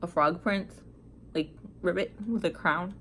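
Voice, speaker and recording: A woman's voice: on the low side, a little slow, fairly bright tone, a little hiss or hum. A woman reading fairy tales aloud to viewers, breaking off for chatty asides and reactions. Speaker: storyteller.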